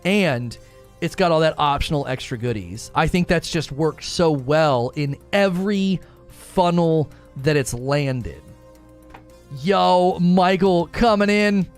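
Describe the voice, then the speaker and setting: A man's voice: fairly high pitch, expressive, measured pace, faint music behind. A man hosting a gaming live stream, talking casually, rambling, joking and repeating himself as he reads chat.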